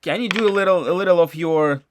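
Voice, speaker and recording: A man tutoring a student in he did not learn first, talking haltingly with many false starts and frequent questions. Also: high-pitched, slight background noise. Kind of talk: casual one-on-one lesson talk.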